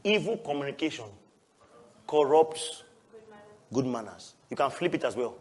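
A male pastor, preaching a lively sermon, often laughing and breaking into shouts. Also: mid-range voice, moderate pace.

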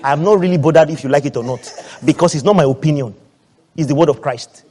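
Guy preaching a sermon, high voice, big loud bits then quiet, keeps asking for amens. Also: quick pace, slightly rough. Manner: preaching loudly with call-and-response amens, swinging from soft to shouted; acts out quoted voices of husbands and wives. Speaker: pastor.

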